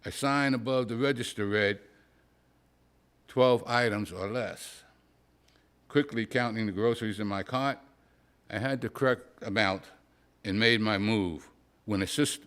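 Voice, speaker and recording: A man, a poet at a live reading, reading a humorous prose story aloud in a dry, wry, deadpan way. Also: lowish voice. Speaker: poet reading his work.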